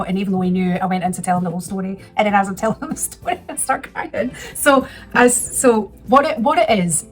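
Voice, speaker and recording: A woman in her thirties chats through a personal story, rambling and restarting, getting emotional as she goes. Her voice sits at an ordinary middle pitch. Faint music plays in the background. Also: brisk. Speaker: vlogger. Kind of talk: casual storytelling.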